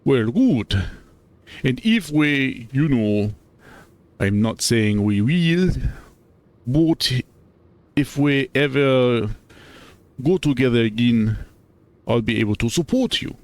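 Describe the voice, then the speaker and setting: A man's voice: mid-range voice, animated, takes it slowly, long pauses, a little mellow, voice pushed up. A man voicing a playful, reckless young male furry character while reading a visual novel aloud, in an eager, slightly raised voice. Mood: earnest.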